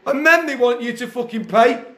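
A man's voice: extremely high pitch, normal speed, echoey room. A man hosting a casual football talk in his kitchen, ranting angrily and swearing constantly. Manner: angry, sweary, rants loudly. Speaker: podcast host, grassroots football coach.

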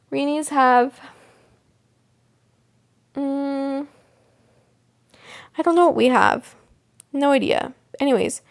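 A woman's voice: high voice, creaky, a little mellow. A young woman hosting a casual solo podcast, rambling with lots of fillers and restarts. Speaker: podcast host. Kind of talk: casual solo podcast chat about a TV show.

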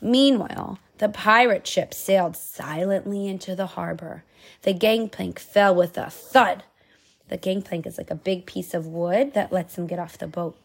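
A woman's voice: on the low side, moderate pace, a little hiss or hum. A young mother reading a children's picture book aloud to her child. She is patient, stops to explain words and asks the child questions.

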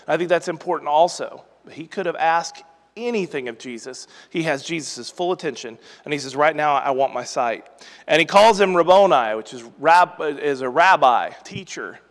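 A man with a voice on the high side hosts a Bible teaching podcast, reading scripture aloud before explaining it in a relaxed, conversational tone. The recording has a long, reverberant, hall-like sound.

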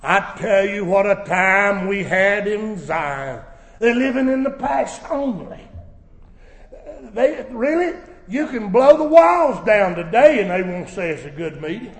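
Slow-preaching man in an echoey hall. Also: high-pitched, animated. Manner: preaching with swells into shouted emphasis. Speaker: pastor. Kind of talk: sermon. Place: church sanctuary.

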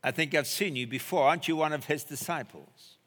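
A man's voice: on the high side, fairly quick, a bit bright, voice pushed up, natural voice. A man preaching who voices a curious young servant girl, asking questions in an inquisitive manner. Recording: echoey hall.

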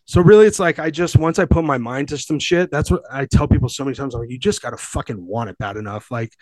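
A man's voice: medium pitch, fast, dry recording. A man in his forties from Southern California, a gym owner telling his story as a podcast guest in a profane, emphatic, rambling way. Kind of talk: casual storytelling.

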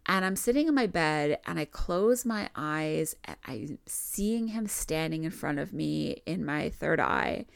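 A woman from Minnesota hosts her own podcast and tells her stories in a loose, chatty way, laughing often. Her voice sits fairly low and carries a gravelly fry, yet the tone stays smooth and resonant. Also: expressive, unhurried, hardly any pauses. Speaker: podcast host. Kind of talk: casual spiritual storytelling.

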